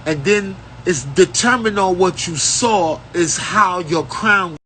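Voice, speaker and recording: Man, preachy street-slang spiritual rant, profane, high-ish sharp voice, faint traffic behind. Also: takes it slowly, rough recording. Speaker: self-styled spiritual teacher. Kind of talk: unscripted spiritual rant to camera.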